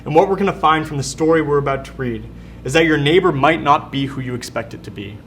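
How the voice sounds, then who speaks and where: A young man delivering a youth sermon with animated, casual storytelling and plenty of slang. His voice sits a little higher than most men's. A faint rumble of noise runs underneath. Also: fast. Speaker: youth pastor.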